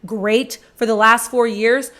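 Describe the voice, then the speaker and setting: A woman's voice: fairly high pitch, fairly even intonation, takes it slowly, fairly bright tone. A woman hosting a solo sports podcast, giving sassy, blunt commentary with casual swearing and mocking asides. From Georgia fan. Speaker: podcast host.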